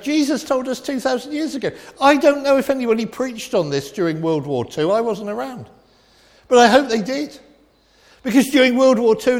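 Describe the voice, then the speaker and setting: A middle-aged man preaches with emphatic, repeated declarations, his slightly high voice lifting for big points and dropping low for quiet ones. A long reverb trails off each phrase, as in a large church hall. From England. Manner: emphatic and repetitive, swinging from loud declarations to quiet reflection. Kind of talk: sermon.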